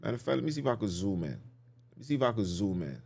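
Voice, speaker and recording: A man's voice: lowish voice, sing-song, fast talker, creaky, a little mellow, breathy edge. A man hosting a podcast, teaching scripture in a casual preaching style, repeating phrases and asking the listeners questions. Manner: repetitive, emphatic, rhetorical questions.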